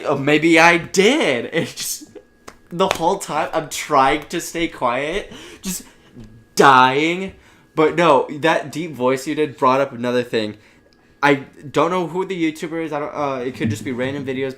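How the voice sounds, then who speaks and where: A man's voice: medium pitch, a bit bright. A young man co-hosting a casual gaming podcast, telling rambling stories full of restarts and acting out the voices he quotes. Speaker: podcast co-host.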